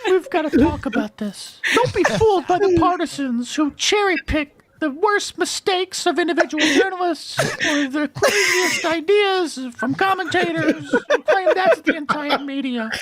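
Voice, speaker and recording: A performer voicing a mocking, high-pitched parody of a male news anchor, delivered earnestly over a news clip. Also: expressive, moderate pace, hardly any pauses, a bit bright, no echo. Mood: mock-solemn.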